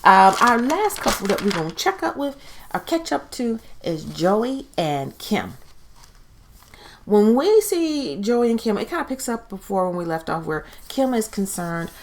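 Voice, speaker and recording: A woman's voice: medium pitch, very animated, measured pace. A woman recapping a TV show in a casual, chatty way, giving her opinions and acting out quotes. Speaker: TV recap host.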